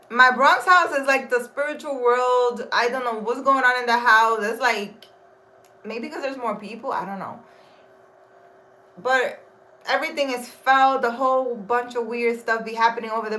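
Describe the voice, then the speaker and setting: A woman with a somewhat high voice talks loosely and casually to her viewers as a spiritual healer. She rambles, trails off and restarts her sentences, and stops to answer their comments. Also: sharp tone. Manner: rambling, chatty, with many fillers and restarts; reads viewer comments aloud and answers them.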